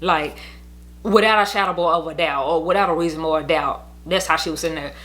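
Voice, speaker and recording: A woman's voice: sits low, a little fast, fairly bright tone. A young woman telling her custody story in a casual storytime monologue, blunt, heated and profane, rambling as she goes.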